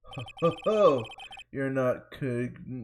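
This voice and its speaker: A man voicing a pompous, sinister blackmailer from a video game, with a smug, drawn-out delivery. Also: mid-range voice, background noise.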